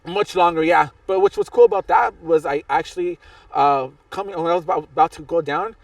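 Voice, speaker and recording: A man tells a story as a podcast guest, rambling and circling back over his words, his voice on the higher side for a man. He sounds set back from the microphone in a dry, dead room. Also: brisk, no echo, far from the mic. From Southern California. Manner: rambling, with frequent restarts and fillers. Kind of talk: casual storytelling interview.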